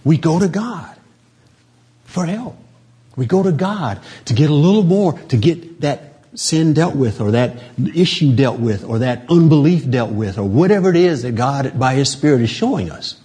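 Guy preaching casually to a small church group, warm and a bit husky, does little voices for people. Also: fairly high pitch, animated, moderate pace. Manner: conversational, acts out quoted voices, chuckles often. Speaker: lay preacher. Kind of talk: informal sermon.

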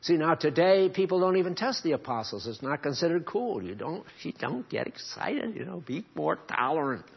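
A man preaching a sermon as pastor, shifting between quiet asides and loud, emphatic climbs. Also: a little high, very animated, normal speed, creaky, hardly any pauses, breathy edge. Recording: dull lo-fi sermon recording.

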